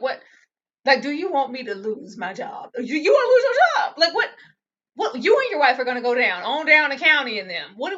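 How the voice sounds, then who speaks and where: A husky-voiced woman vents about a TV drama in an exasperated, emphatic rant. Her voice sits fairly high. The recording is dull and lo-fi. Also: a bit bright. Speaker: TV recap co-host. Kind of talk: casual recap chat.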